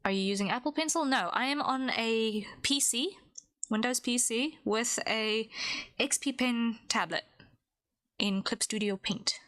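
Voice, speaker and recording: A woman on a drawing stream, narrating each step as she works and pausing to answer her chat. Her talk is casual and meandering, full of small asides and self-checks. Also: on the high side, a bit bright, no room sound, clean studio sound. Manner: thinks aloud, chatty, reads and answers chat.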